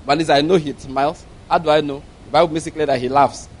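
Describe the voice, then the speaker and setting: A man preaching a humorous, animated sermon, often checking whether his listeners follow him. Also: on the high side, fast talker, a little hiss or hum. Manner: humorous, animated storytelling, asks the congregation questions.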